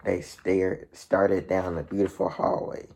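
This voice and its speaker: A man reading a novel aloud as narrator in a gravelly, husky voice, with plain delivery, slips and restarts. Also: low-pitched, little pitch movement, a little slow, a little mellow.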